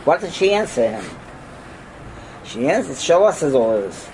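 Animated older man, Torah class lecture, somewhat high for a man, swooping pitch, rhetorical questions, sudden loud outbursts. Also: normal speed, a little hiss or hum, poor audio. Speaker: rabbi teaching a class.

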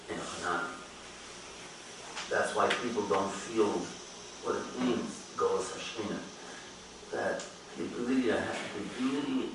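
A man giving a Torah lecture as a rabbi, rising and falling in pitch and chanting quoted Hebrew verses. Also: noisy background. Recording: echoey hall, mic at a distance.

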